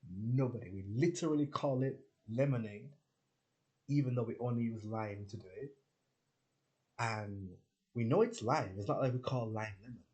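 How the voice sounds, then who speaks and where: A man's voice: mid-range voice, normal speed, warm tone. A young man from Jamaica with a Jamaican accent, rambling casually and laughing as he jumps between topics. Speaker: spiritual channel host.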